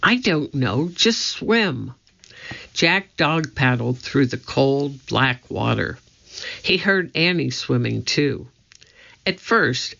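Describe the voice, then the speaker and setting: A woman reading a children's storybook aloud in a measured, deliberate way, in a slightly dull lo-fi recording. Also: a bass voice, vocal fry, a bit bright. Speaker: audiobook reader.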